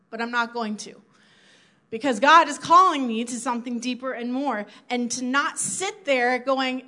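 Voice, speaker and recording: A church speaker from South Dakota, her voice high, pushed, and bright, preaches at normal speed to her congregation. Her sermon is earnest and conversational, and she acts out her own inner thoughts as quotes along the way.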